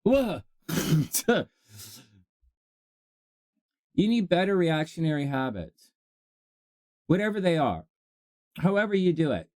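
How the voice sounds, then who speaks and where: A man hosting a rambling self-help monologue, jokey and animated, often laughing and answering his own questions. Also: a little high, slow pace, pauses often, no room sound. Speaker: self-help video host.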